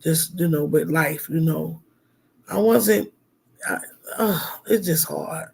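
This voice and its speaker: High-voiced guy with a gravelly edge, casual livestream chat, heartfelt and rambly. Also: slow, a little hiss or hum. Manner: heartfelt, rambling, many fillers. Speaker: minister and livestream host.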